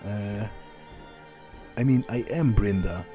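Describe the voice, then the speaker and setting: A man voicing a nervous half-orc maid who speaks in halting, broken sentences. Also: fairly low pitch, over music.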